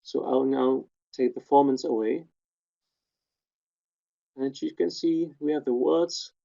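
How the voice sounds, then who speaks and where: A man's voice: mid-range voice, slow pace, gravelly, dark tone. A man presenting a webinar, methodically explaining sound details in a technical lecture and pointing them out one step at a time. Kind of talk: technical lecture walking through spectrograms. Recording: dull lo-fi webinar audio.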